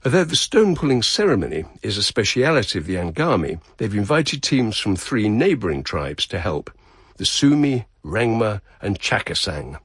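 A man's voice: on the low side, very animated, breathy edge, no echo, studio quality. Man narrating a radio feature. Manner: measured, descriptive storytelling. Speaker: radio reporter.

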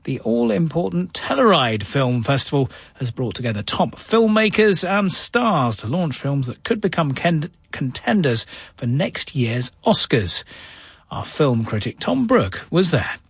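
Lively male news presenter, dry sound. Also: on the high side, measured pace, gravelly, husky, dry recording.

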